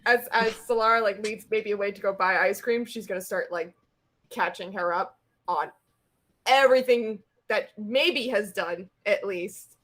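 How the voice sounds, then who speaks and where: Bright woman narrating her game character. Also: medium pitch, low-quality recording. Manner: casual, halting narration with fillers. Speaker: player.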